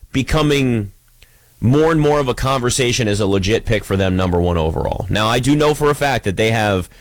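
A man with a medium-pitched voice and no room sound hosts a sports radio show. He talks in a casual, rambling, chatty way, often cutting himself off and restarting sentences as he battles allergies and a coming sneeze.

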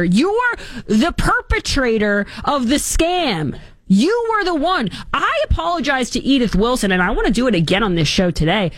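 Animated sarcastic woman talk host. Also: fairly low pitch, dry recording, clean studio sound. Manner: animated, sarcastic, acts out quotes. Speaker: radio talk show host. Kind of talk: opinionated casual commentary.

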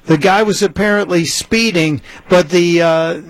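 Male talk radio host, slightly high voice. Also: unhurried, no echo, poor audio. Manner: conversational, some stumbles and fillers.

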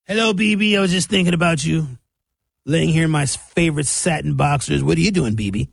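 Brief: man doing a flirty, drawling president send-up, cocky and fawning, a bit higher than his own voice. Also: brisk, gravelly, slightly rough, no echo, studio quality. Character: mocking impression of a fawning male president.

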